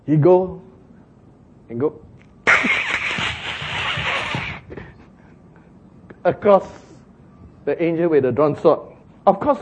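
A man preaching a sermon, telling a Bible story with lively, laughing energy and acting out the characters with exclaiming voices. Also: high-pitched, slightly rough. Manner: animated, laughing, acts out the donkey and Balaam in exclaiming voices.

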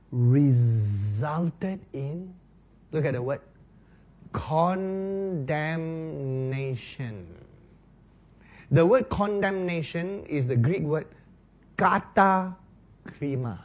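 A man preaching a sermon, explaining Bible verses slowly and stressing key words, often asking the listeners questions. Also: a little high, husky, lo-fi sound. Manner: slow, emphatic, rising to loud stresses on key words.

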